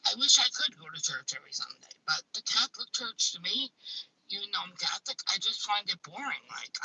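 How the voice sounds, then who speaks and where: A woman's voice: lowish voice, creaky, sharp tone, slightly rough, rough recording. A woman with a Staten Island accent hosting a casual live stream. She talks bluntly, swears freely and often restarts her sentences. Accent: Staten Island, New York.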